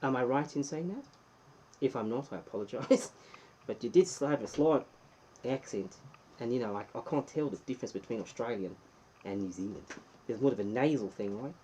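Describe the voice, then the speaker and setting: A man hosting a casual live stream, chatty and greeting viewers by name with bursts of excitement. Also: medium pitch, moderate pace, a little hiss or hum, rough recording. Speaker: livestream host.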